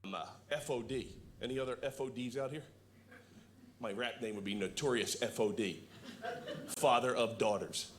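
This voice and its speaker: A middle-aged man doing a stand-up set in a comedy club, with wry self-deprecating punchlines and sudden shouted bursts. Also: medium pitch, moderate pace. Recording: noisy live club recording. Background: audience laughter.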